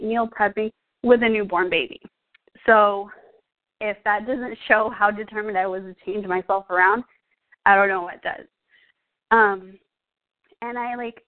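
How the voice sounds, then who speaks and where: A young woman sharing her personal story as a fitness coach, earnest and emotional, full of "like" and "um". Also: mid-range voice. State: out of breath. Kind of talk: personal testimonial. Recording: tinny phone-like audio.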